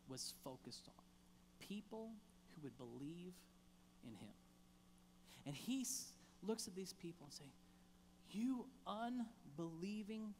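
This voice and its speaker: A man's voice: sits high, a little hiss or hum. Man preaching in an echoing church. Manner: impassioned preaching with emphatic pauses and repeated phrases. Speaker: pastor. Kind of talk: sermon. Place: church sanctuary.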